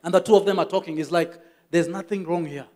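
A man's voice: sits high, quick pace, dark tone. A Kenyan man preaching a church sermon as the pastor, telling stories with emphatic repetition.

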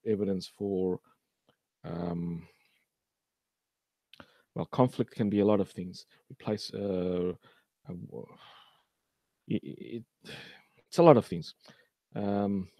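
A man's voice: on the low side, mellow, no room sound. A man hosting a casual science commentary, talking with many fillers and restarts and a sarcastic edge. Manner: sarcastic about news articles. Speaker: host.

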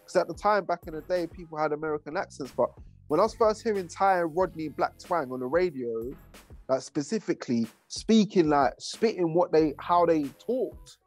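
A man's voice: a little high, normal speed, a little mellow, soft background music. A man, a rapper and producer talking casually in an interview, laid-back and full of slang. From England. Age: 30s. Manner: laid-back, heavy slang, rambling asides.

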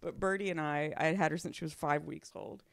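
Woman, slight Texas accent, somewhat low voice, laughing storyteller, casual podcast chat. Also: quick pace, creaky. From Texas, USA. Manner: laughs often, lively storytelling. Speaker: comedian guest.

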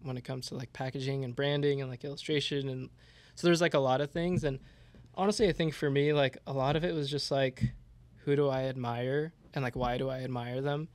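A man's voice: medium pitch, fairly even intonation, a little fast, darkish tone, dry recording. A young man, a guest artist, chatting casually and rambling, with constant "like" fillers. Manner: rambling, heavy use of "like". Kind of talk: casual podcast chat.

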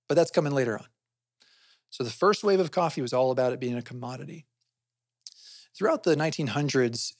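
Man, podcast host, conversational explainer, asks himself questions, mid pitch, dry close sound. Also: no room sound. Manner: often adds "right?" as a tag.

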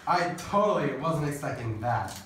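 A drawling, sassy teenage girl voiced by a man in a slightly raised voice, dry and deadpan at times. It is a comedy skit caught from a distance in a very echoey room, with faint noise behind. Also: fairly high pitch, moderate pace. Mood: earnest. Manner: drawling valley-girl talk, deadpan asides.

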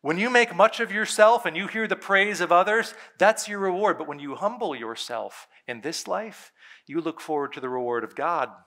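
A man preaching from the pulpit with a high, bright and forceful voice. He talks earnestly and presses each point home, often repeating a line to drive it in. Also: moderate pace. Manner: earnest, emphatic preaching with repetition. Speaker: pastor. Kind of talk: sermon.

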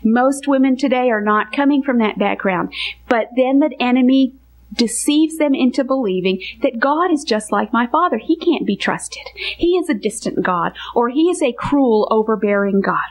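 A woman Bible teacher giving a teaching message to women, earnest and emphatic, slowing down on key phrases. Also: fairly high pitch, expressive.

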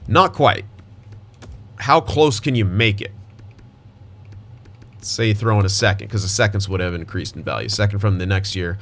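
A man's voice: lowish voice, normal speed, long pauses, a bit bright. A young man giving casual gameplay commentary as a gaming YouTuber, thinking aloud and restarting his sentences, with hiccups and voice cracks.

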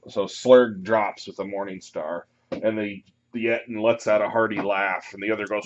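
A man running a tabletop game as game master, narrating with animated, sudden loud outbursts, on a dull lo-fi recording. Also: on the low side, normal speed.

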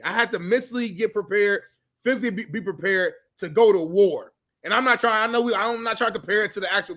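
A man co-hosting a sports podcast, speaking in halting, repeated starts. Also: sits high, bright, forceful tone. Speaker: co-host. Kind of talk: casual podcast debate.

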